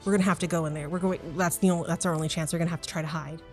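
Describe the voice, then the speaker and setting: Woman playing a tense lookout gal, urgent and cursing, soft music under. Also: low-pitched, steady tone, racing, lightly acted. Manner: urgent, swearing.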